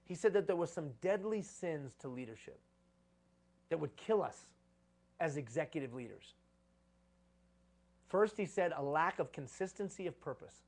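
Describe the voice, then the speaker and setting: A man's voice: a little high, expressive, normal speed, long pauses. A man giving a live conference talk on leadership, preaching with repeated phrases for emphasis.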